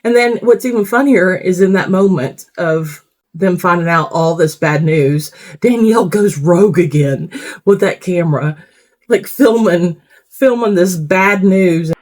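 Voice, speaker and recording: A woman's voice: lowish voice, measured pace, a little mellow. A woman giving casual reaction commentary on a reality show, blunt and rambling, swearing freely.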